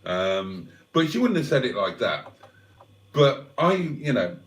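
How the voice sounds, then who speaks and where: A man hosting a livestream, chatting to viewers in a rambling, wry, self-mocking way and clearing his throat often. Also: mid-range voice, very animated, slow pace. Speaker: livestream host. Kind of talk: rambling casual chat to viewers. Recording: roomy sound, mic at a distance.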